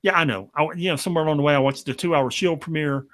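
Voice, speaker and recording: A man's voice: fairly high pitch, very fast, fairly bright tone. A man co-hosting a casual comic book podcast, who stammers and repeats words while he talks and has a cold. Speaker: podcast co-host.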